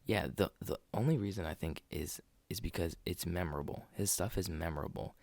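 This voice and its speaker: A podcast co-host talks casually about movies into a desk podcast mic, rambling and restarting his sentences. His voice sits low with a darkish tone and vocal fry, fairly quick, with no echo.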